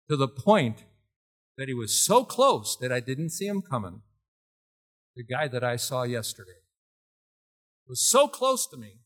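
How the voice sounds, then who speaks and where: A man's voice: on the high side, fairly bright tone. A middle-aged man preaching a storytelling sermon in a folksy way, quizzing his congregation as he goes. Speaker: pastor.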